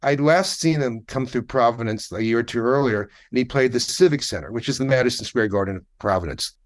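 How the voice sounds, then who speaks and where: A man in his sixties, appearing as a podcast guest, tells a story in a wry, conversational way, swearing now and then. His voice is mid-range and a little fast, suited to casual anecdotal storytelling.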